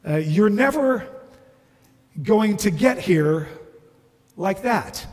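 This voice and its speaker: A man voicing a gentle, patient male heavenly spirit who speaks softly and coaxingly. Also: sits high, animated, extremely slow, long reverb tail, voice pushed up, heavily acted.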